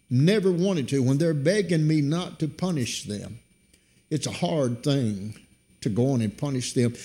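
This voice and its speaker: A middle-aged man preaches, emphasizing key points with sudden surges in how high and how loud his voice goes.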